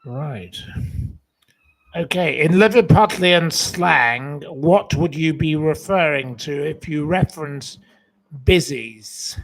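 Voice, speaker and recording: A man's voice: a little high, slow pace, rough recording. A man from northwest England hosting a casual live quiz from home, rambling and chatty with many fillers. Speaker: livestream host running a quiz.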